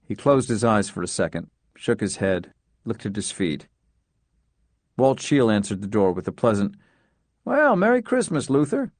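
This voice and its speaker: Low-voiced man narrating an audiobook. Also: moderate pace, a little mellow, no echo.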